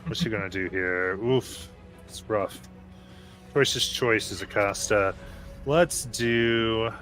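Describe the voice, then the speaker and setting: Bright-toned man running a tabletop game. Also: fairly low pitch, soft background music. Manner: calls for saves and narrates turns briskly. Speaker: game master.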